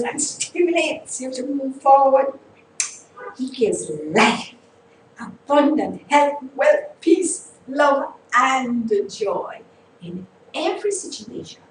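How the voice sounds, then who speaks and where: A woman who hosts a faith talk show, preaching with slow emphasis and rising repeated lines. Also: sits high, reverberant, far from the mic, a little hiss or hum, poor audio.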